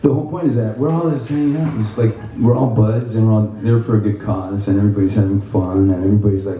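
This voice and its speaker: A man giving a guitar clinic, telling animated stories to an audience with laughter and quoted voices. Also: lowish voice, fast talker, hardly any pauses, slight background noise. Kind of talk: casual storytelling to an audience. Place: music store clinic in front of an audience. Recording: echoey room, mic from a distance.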